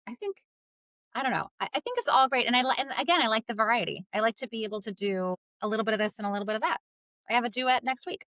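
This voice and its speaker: A middle-aged woman audiobook narrator chatting as an interview guest, upbeat and quick to laugh. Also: animated, a bit bright, no room sound. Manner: bubbly, laughs often, drops into low voice to demonstrate. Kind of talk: casual interview chat.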